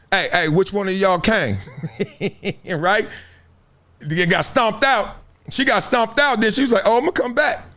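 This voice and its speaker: A man's voice: sits high, a bit bright. A middle-aged man hosting a live sports talk stream from home, reacting to chat with emphatic build-ups and frequent laughs. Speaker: host of a sports talk livestream. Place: home studio.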